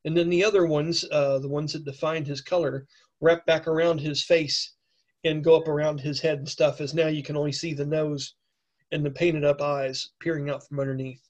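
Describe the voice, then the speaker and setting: A man narrating as game master in a casual, halting way, full of fillers. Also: fairly high pitch, little pitch movement.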